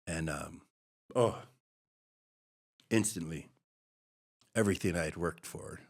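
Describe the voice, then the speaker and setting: A man's voice: low-pitched, takes it slowly, vocal fry. A middle-aged man from Hawaii, a podcast guest telling his life story in an earnest, rambling way full of fillers. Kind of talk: personal storytelling interview.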